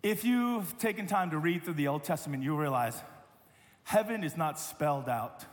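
A man preaching a sermon as a pastor, telling stories with lively quoted voices and many repeated words. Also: high-pitched, big-room sound.

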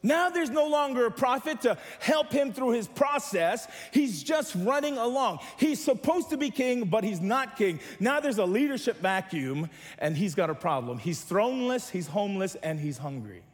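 A man's voice: high-pitched, lively intonation, normal speed, few pauses, long reverb tail. A man preaching a sermon as pastor, mixing humor with calls for the church to respond.

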